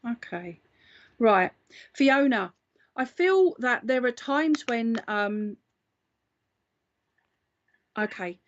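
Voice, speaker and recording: A woman's voice: a little high, expressive, extremely slow, pauses often, lo-fi sound, slight background noise. A woman working as a psychic medium, giving a live reading in a chatty, reassuring way and often checking in with her listener.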